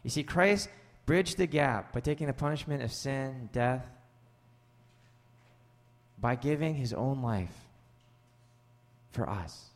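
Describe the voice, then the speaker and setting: Speaking slowly with long pauses, a medium-pitched man preaches as pastor in a large hall. His storytelling sermon is conversational, mixing scripture and jokey asides aimed at the congregation, and his voice lifts with animation when he jokes.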